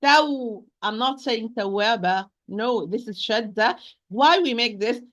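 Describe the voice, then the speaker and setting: A woman teaching Quran recitation in an online lesson, patient and repetitive, slowing down to demonstrate each sound. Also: a little high, fairly bright tone, rough recording. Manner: patient, repeats corrections, slow demonstrations.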